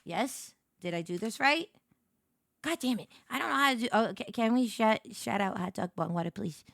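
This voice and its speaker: A woman's voice: a little high, lively intonation, moderate pace, creaky, no room sound, studio quality. A woman hosting a casual reaction stream, giggly and playful as she chats. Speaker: streamer host.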